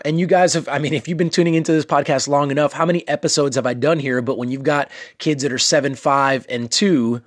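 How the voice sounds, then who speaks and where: Candid podcasting dad, close dry sound. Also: male voice, medium pitch, no echo. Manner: candid, talks to listeners directly with frequent asides. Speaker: podcast host. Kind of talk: casual motivational monologue. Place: his bedroom at home.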